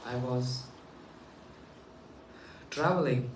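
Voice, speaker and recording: A man from India giving a devotional talk, telling a story gently and earnestly and voicing the people in it. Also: mid-range voice, very slow, slight background noise. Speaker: spiritual teacher. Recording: echoey room, mic at a distance.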